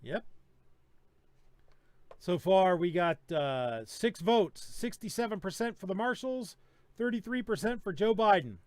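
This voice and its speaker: Blunt, profane man with a high voice. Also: expressive, unhurried, long pauses, darkish tone, dry recording. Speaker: podcast host. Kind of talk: casual live-stream chat.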